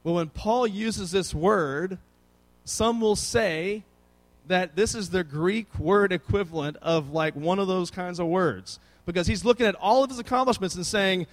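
A man's voice: high voice, measured pace. A man in his thirties preaching a sermon, telling family stories with playful asides and acting out his children's voices. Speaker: pastor.

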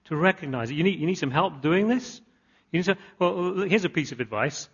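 Man, husky, slightly high voice, sermon, emphatic repetition, dull lo-fi recording. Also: animated, fairly quick. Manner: earnest, repetitive emphatic preaching with rising climaxes. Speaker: pastor.

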